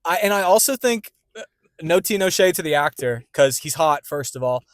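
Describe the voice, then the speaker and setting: A man co-hosting a movie podcast in casual chat, animated and quick to laugh. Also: fairly high pitch, no room sound. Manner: animated, excitable, laughs easily. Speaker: podcast co-host. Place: in a parked car.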